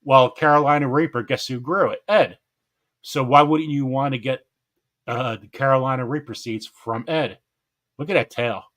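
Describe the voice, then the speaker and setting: A man with a mid-range voice hosts a casual gardening live stream. He talks in an excitable, rambling way, laughing often and stumbling over names. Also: medium pitch, moderate pace.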